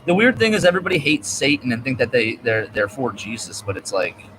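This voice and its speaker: A man in a rambling, profane monologue that jumps between topics, swinging from low muttering to loud outbursts. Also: a little fast, noisy background.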